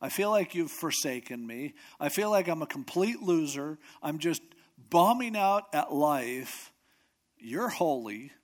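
A man's voice: fairly high pitch, animated, measured pace. A man voicing a despairing forsaken psalmist. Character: despairing ancient male psalmist, feeling forsaken.

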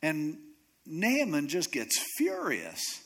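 A middle-aged male pastor preaching a sermon, retelling a Bible story in a lively, conversational way and acting out the characters' lines. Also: fairly high pitch. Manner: animated storytelling, acting out characters in quick asides.

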